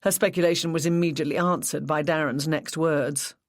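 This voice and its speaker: An audiobook narrator reading a cozy mystery in an even, measured storytelling manner. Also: medium pitch, no room sound, studio quality. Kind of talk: scripted narration.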